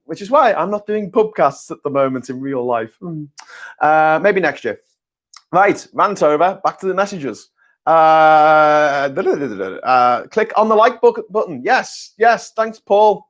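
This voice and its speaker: A man's voice: a little high, lively intonation, a little slow. A man hosting a casual live-stream chat, ranting, rambling, and swearing freely. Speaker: host.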